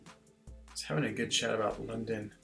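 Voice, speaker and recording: Gravelly-voiced man streaming a game. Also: fairly low pitch, fairly even intonation, moderate pace, fairly bright tone, soft background music. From Switzerland. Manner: chatty, self-deprecating, reads chat aloud. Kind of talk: casual gameplay stream chat.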